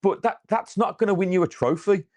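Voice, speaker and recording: A man talks football on a fan podcast. He swears freely and restarts his sentences, getting animated as he rants. It is casual, unscripted chat. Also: sits high, a little fast. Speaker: podcast co-host.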